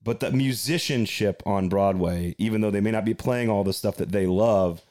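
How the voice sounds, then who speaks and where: A man's voice: on the low side, normal speed, a little mellow. A man hosting a podcast, chatting casually in a self-deprecating, rambling way. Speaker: podcast host.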